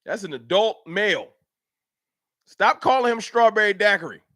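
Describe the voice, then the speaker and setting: High-voiced dude roasting his chat on a stream, real animated, dry sound. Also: normal speed, dry recording. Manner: trash-talking, animated, reads chat aloud. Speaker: livestream host. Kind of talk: casual livestream sports banter.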